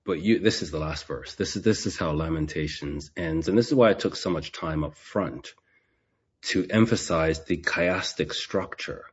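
A man with a very deep, husky voice walks through scripture in an unhurried teaching manner, circling back and repeating his words as he goes. The recording is dull and lo-fi. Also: darkish tone. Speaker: Bible teacher. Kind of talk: expository Bible teaching.

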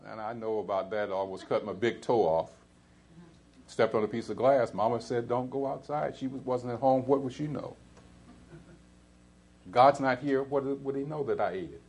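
Male pastor, mid-pitched, casual preaching, builds to emphatic peaks. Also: darkish tone. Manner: halting restarts and fillers. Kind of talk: sermon.

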